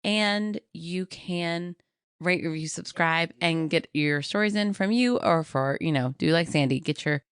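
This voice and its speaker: A woman's voice: fairly low pitch, measured pace, clear, resonant tone, dry recording, clean studio sound. A woman co-hosting a podcast in casual chat, rambling and giggling as she reads out thanks and plugs. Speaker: podcast co-host.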